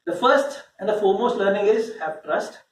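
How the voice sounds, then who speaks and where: A man's voice: high-pitched, normal speed. A man with an Indian accent telling a story to his team in a conversational, motivational session. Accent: Indian English. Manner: conversational, checks in with listeners. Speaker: motivational speaker. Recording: roomy sound from far off, faint hum.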